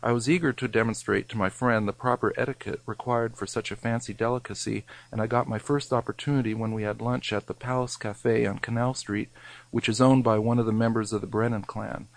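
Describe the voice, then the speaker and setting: A man's voice: mid-range voice, fairly even intonation, a little fast, vocal fry, no room sound, low-quality recording. A man reading a scripted, wry food memoir, his wording mock-grand. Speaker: narrator.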